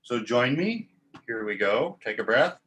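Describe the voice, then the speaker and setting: A man teaching a choir warm-up, talking through breathing and vowel sounds and demonstrating them in calm, instructive speech. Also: medium pitch, unhurried. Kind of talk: guided vocal warm-up lesson.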